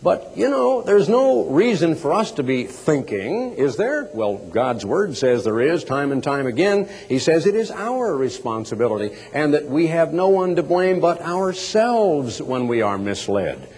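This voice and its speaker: A middle-aged man preaching a sermon in an animated, sarcastic way, with mocking asides. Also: a little high, unhurried, few pauses, breathy edge, long reverb tail, poor audio.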